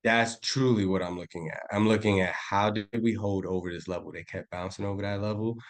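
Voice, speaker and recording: A fairly low-pitched man runs a loose, live screen-share lesson. He rambles and talks to himself as he charts, throwing in slang and asides to his students. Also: fairly even intonation, a little fast. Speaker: trading instructor.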